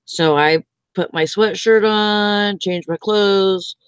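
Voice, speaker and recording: A woman hosting a relaxed livestream hangout and rambling through everyday chatter. Her voice is smooth and clear, at a middling pitch, and it is recorded close and dry with no room sound. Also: takes it slowly, no echo. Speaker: livestream host. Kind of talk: casual chat.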